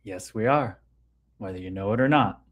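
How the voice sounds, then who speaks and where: A livestream host with a lowish voice talks casually about spirituality at a normal pace, reading out viewer comments and welcoming people by name. The sound is lo-fi.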